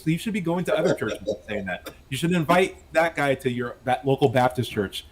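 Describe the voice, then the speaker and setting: A man's voice: fairly quick, hardly any pauses. A man riffing on a news panel in casual talk, acting out bits in voices. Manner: animated, jumps into high mock voices for bits. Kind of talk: opinionated panel chat.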